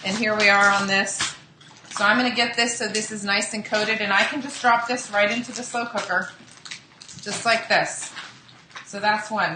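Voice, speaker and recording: A woman's voice: medium pitch, echoey room, background noise. A woman hosting a casual live cooking demo, chatting with viewers as she cooks in a home kitchen. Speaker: cooking show host.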